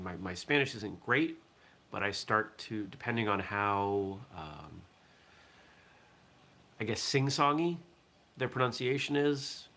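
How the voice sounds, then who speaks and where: A man's voice: lowish voice, pushed and bright. A man from southern Maine hosting a casual morning live stream, chatting in a rambling way and reacting to viewer comments. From southern Maine, USA. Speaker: host of a martial arts morning show.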